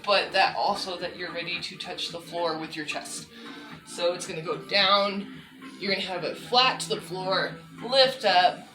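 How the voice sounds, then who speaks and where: Chatty woman in an echoey room. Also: mid-range voice. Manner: chatty, self-deprecating, with many fillers. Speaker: fitness vlogger. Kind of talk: casual workout demonstration. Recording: echoey room, mic at a distance, faint music.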